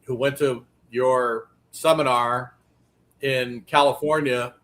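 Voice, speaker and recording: A male panel guest with a voice of ordinary pitch who talks bluntly and dismissively. He sounds irritated by the people he describes. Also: fairly even intonation, slow pace, a bit bright. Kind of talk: casual panel talk.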